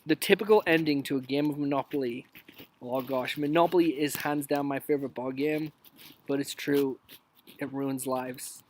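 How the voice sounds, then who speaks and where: A man's voice: on the high side, normal speed, slight background noise. A man in his thirties hosting a casual live stream, joking his way through memes outdoors and dropping into whispers for asides.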